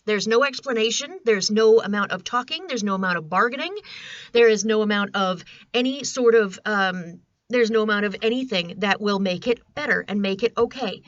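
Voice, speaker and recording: A woman's voice: a little high, fairly bright tone, no echo, muffled recording. A woman in her forties chatting casually to camera from her small home studio, rambling and self-deprecating. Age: 40s. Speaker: vlogger.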